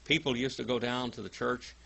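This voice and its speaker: A man's voice: medium pitch, fairly even intonation, fairly quick, gravelly, husky. An older man teaching a Bible class, telling stories dramatically and reading Greek aloud word by word. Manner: dramatic, emphatic storytelling with big swings in loudness.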